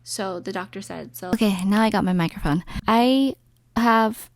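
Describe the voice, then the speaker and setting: A young woman chats candidly in a casual vlog from her bed, breathless and a bit rambling. Her voice carries a gravelly fry over a middle pitch, and the sound is close and dry with no room around it. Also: normal speed, dry recording. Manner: candid, rambling, laughs often. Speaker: vlogger. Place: bedroom, lying in bed.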